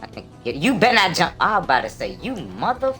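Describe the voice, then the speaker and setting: A man on a squeaky voice changer, trash-talking. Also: huge pitch swings, quick pace, faint music behind, exaggerated voice. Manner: loud crude trash talk, playful. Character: squeaky high-pitched trash-talking gamer. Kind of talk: live game streaming.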